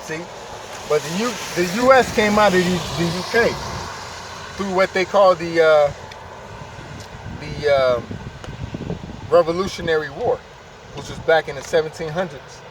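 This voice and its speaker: High-voiced man preaching over traffic. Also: measured pace, pauses often. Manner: emphatic, repetitive, sprinkled with "man" and "okay". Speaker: street preacher. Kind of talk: informal street preaching. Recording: distant mic, loud traffic noise outdoors.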